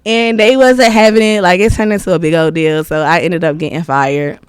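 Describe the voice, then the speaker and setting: A woman's voice: lowish voice, fairly even intonation, brisk, clear, resonant tone, no room sound. A woman in her thirties, a podcast guest telling stories in a candid, rambling way, laughing often. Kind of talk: casual interview storytelling.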